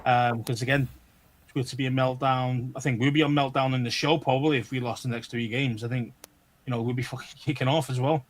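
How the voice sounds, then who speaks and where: A man with a Liverpool accent, co-hosting a casual sports podcast; blunt and emphatic, he swears freely and stumbles over quick restarts. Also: medium pitch, steady tone. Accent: Liverpool (Scouse). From Liverpool area, England. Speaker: podcast co-host.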